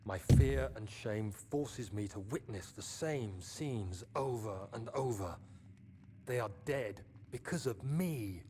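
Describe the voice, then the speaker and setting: An actor playing a haunted young man who narrates his guilt in a somber, measured way, over game music. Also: fairly low pitch, animated, background noise. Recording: game audio with music underneath.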